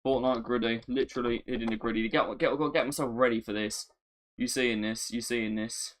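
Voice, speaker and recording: A man's voice: mid-range voice, moderate pace. Chatty man streaming. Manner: chatty, excitable, repeats phrases, self-mocking. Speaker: gaming streamer. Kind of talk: casual live-stream chat.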